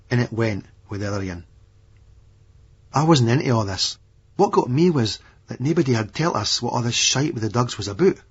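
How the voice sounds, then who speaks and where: A man's voice: on the low side, husky. A man with an Edinburgh Scottish accent, narrating a gritty audiobook in a blunt, foul-mouthed first-person way. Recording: dull lo-fi remastered audiobook recording.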